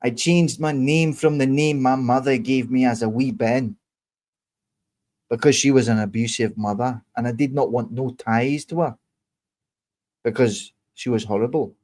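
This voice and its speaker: A man from England hosting his own online show, talking casually to viewers in a combative, lecturing way, slow and deliberate, swearing often and repeating his points. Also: medium pitch, fairly even intonation, darkish tone. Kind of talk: casual monologue answering viewer comments.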